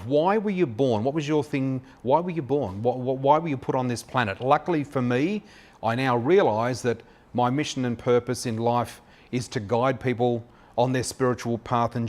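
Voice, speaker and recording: An Australian man in his fifties, a psychic flower reader telling his story in a chatty, anecdotal way with many filler pauses. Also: mid-range voice. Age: 50s. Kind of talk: personal storytelling monologue.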